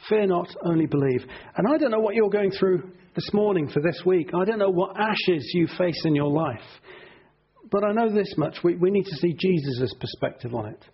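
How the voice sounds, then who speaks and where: A man's voice: high voice, animated, normal speed, breathy edge, highs cut off. A middle-aged man preaching an earnest sermon to his congregation, often repeating words for emphasis.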